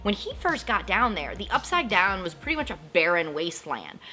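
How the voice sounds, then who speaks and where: A woman hosting a casual TV recap, chatty and emotionally invested, acting out characters' lines in quick asides. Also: medium pitch, very animated, bright, forceful tone, soft background music. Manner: emotionally invested, jokes about crying. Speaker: host of a TV recap channel.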